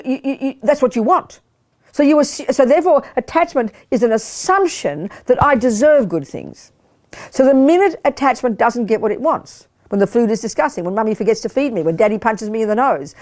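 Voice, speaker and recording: In a meditation hall at a study center, an older woman with a slightly high, slightly mellow voice gives a Buddhist teaching to a study group. She's emphatic and fills her talk with rhetorical questions for the audience.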